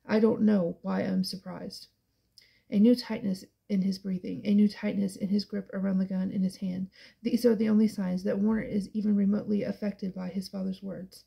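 A woman's voice: medium pitch, little pitch movement, moderate pace, gravelly, mellow. A woman giving an intense, dramatic first-person audiobook narration.

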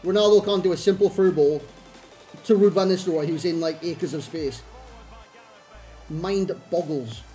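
A man's voice: on the high side, normal speed, pauses often, warm tone, soft background music. Exasperated man ranting over gameplay. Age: 30s. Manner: exasperated, self-mocking running rants. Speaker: gaming YouTuber. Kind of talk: live gameplay commentary.

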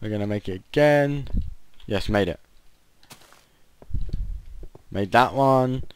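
A man's voice: mid-range voice, normal speed, clean tone. A man giving casual gameplay commentary, often groaning and yelping in frustration. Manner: frustrated, yelps and groans at failed jumps. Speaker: gaming channel host.

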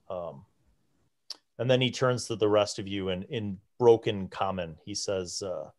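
A man narrating as dungeon master, slow and full of fillers. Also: on the low side, darkish tone. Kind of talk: narrating a tabletop game.

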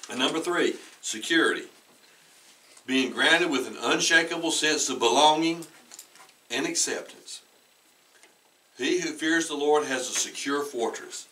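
Bright-voiced pastor preaching from a distance. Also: male voice, a little high, unhurried, long pauses, a little hiss or hum. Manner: conversational, repeats words and restarts, clears throat often. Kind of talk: sermon with personal storytelling. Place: church sanctuary. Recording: bright voice heard from away from the mic.

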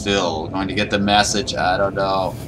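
A man's voice: low voice, level tone, moderate pace, noisy background. A man giving nervous, panicky running commentary while playing a horror game. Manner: nervous, panicky self-talk. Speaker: gaming YouTuber.

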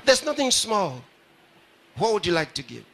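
A man's voice: high-pitched, sing-song, moderate pace, gravelly, fairly bright tone. A pastor addressing a live audience at a ceremony, repeating his phrases and putting questions straight to the crowd. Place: large ceremony hall.

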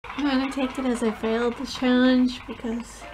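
A woman vlogging through tears, talking in a halting, self-deprecating way, her voice choked and near crying. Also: high voice, little pitch movement, background noise. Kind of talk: casual reaction vlog. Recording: clear music playing behind voice.

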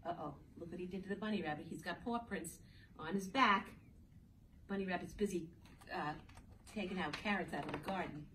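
A woman teacher with a lowish voice reads a picture book to young kids at a fairly quick pace, her tone bright and forceful yet playful and sing-song, often speaking to them directly. A distant mic records faint ambience and a little hiss or hum.

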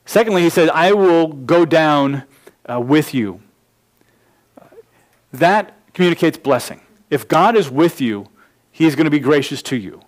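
A man's voice: on the high side, lively intonation, unhurried, long pauses. A man, a pastor, teaching a verse-by-verse sermon, laying out numbered points with frequent restarts.

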